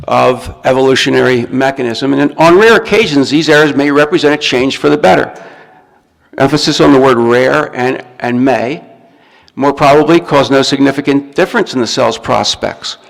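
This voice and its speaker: A man lectures to an audience and explains his points step by step, now and then breaking off a word and starting it again. His voice has a gravelly edge. The sound carries a long reverb from the hall. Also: medium pitch, fairly even intonation, normal speed. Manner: explains step by step, shows a book, restarts words often. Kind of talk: recorded talk to an audience.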